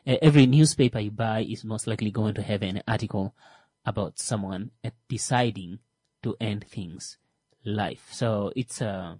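Hesitant radio host, dry sound. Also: male voice, fairly low pitch, normal speed, darkish tone, breathy edge, no room sound. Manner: hesitant, heavy on "uh" fillers, joking asides. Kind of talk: casual radio talk with jokes.

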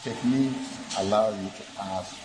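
A man's voice: fairly low pitch, a little slow, noisy background. A man, a scientist, speaking earnestly in a news interview soundbite.

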